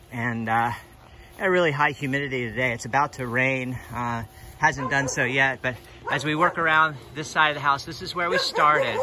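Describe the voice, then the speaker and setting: A man's voice: medium pitch, bright, forceful tone, slight background noise. A man who runs a pressure washing business, talking casually with lots of ums and uhs while he walks around a house and films it. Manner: filming himself while walking around a house; chatty, plain-spoken, many ums and uhs. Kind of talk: casual walkthrough vlog. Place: outdoors at a house.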